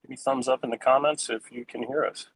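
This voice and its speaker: A man's voice: mid-range voice, steady tone, fairly quick, slightly rough, poor audio. A man hosting a live crypto trading stream, chatting casually and joking wryly with a co-host. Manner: joking, chatty, wry asides. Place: inside a pharmacy store.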